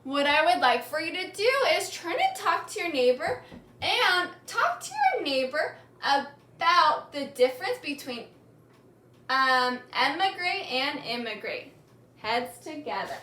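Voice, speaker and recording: A woman teacher giving a classroom lesson, speaking slowly and clearly and repeating key words for the class to echo back. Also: high voice, big pitch swings, sharp tone. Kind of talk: classroom lesson with call-and-response reading.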